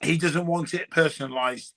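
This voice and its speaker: A man's voice: a little high, normal speed, pushed and bright, poor audio. A man hosting a live virtual signing, chatting casually and guiding the guest through the autographs. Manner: friendly, runs the signing, chatty.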